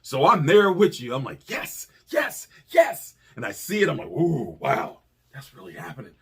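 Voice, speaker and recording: A man with a husky, slightly breathy voice tells a story in casual chat. His pitch swings widely as he acts out quotes with cursing and excitement. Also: fairly quick. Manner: animated, profane, acts out quotes. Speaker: podcast co-host.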